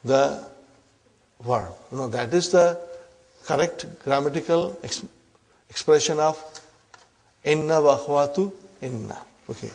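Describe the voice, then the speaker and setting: A man teaching Arabic grammar in a slow, drawn-out lecture, often checking in with his class. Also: fairly high pitch, a little mellow.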